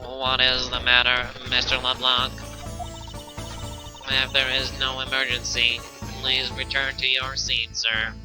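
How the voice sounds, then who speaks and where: A man voicing a ditzy young female flight attendant, slow and flat, reading video game dialogue over game music. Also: medium pitch, close to an everyday voice, rough recording. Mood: polite. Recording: game music playing underneath.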